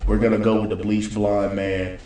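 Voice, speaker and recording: A man's voice: on the low side, little pitch movement, normal speed, mellow. A young man talking casually and predicting wrestling results, in a loose, slangy, rambling way. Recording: roomy echo, voice a bit far from the mic.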